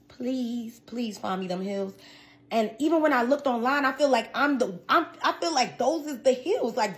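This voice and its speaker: A young woman singer telling a story in a casual vlog, venting in a blunt, profane, slangy way. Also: high-pitched.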